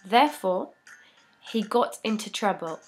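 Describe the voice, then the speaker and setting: A woman giving a scripted English grammar lesson, reading each rule and example in a measured, deliberate way. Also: medium pitch, expressive, faint music behind. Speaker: English teacher.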